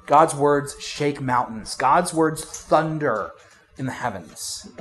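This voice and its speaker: A man preaching a sermon in a conversational way, with fillers and restarts, going from loud emphasis to quiet asides. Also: a little high. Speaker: pastor.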